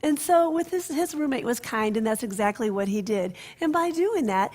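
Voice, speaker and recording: A woman minister giving a sermon, telling stories in an expressive way that drops to soft, hushed passages. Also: on the high side, normal speed, few pauses.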